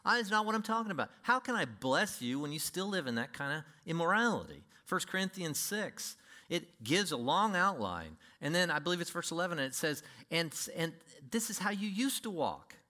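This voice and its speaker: A man preaching to his congregation in a bright, somewhat high voice. He is emphatic and swings between loud and quiet, pressing his points home. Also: sing-song, moderate pace. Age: older. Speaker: pastor. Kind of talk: sermon.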